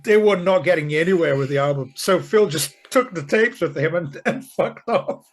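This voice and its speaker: Higher-voiced man hedging on a podcast. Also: normal speed. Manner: hesitant, hedging with "I think", many fillers. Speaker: podcast co-host. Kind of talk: casual chat.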